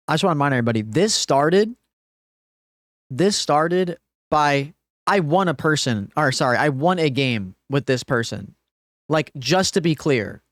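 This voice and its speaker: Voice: medium pitch, dry recording, clean studio sound. A game streamer on a livestream, talking back to chat in an exasperated, profane rant.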